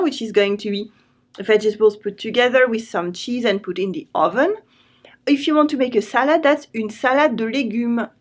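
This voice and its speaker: A woman with a French accent and a fairly high voice gives a vocabulary lesson. She explains clearly and patiently. She repeats each word slowly, as if for students to repeat after her. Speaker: French teacher.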